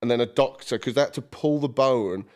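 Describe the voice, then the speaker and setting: A man telling an animated story as a podcast guest, swearing and laughing as he goes. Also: mid-range voice, fairly quick. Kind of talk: casual chat, storytelling.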